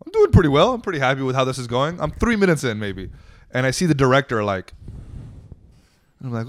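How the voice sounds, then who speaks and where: Fast, crisp-voiced comedian telling a story. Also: male voice, mid-range voice, dry recording. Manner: animated, swears freely, acts out quoted dialogue. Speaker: stand-up comedian. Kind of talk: casual storytelling on a podcast.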